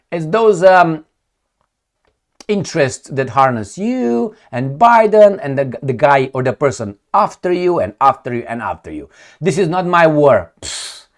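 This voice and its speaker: Blunt sarcastic male commentator, lively pitch. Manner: blunt, sarcastic, mocking asides. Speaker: political commentary vlogger. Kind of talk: casual political commentary.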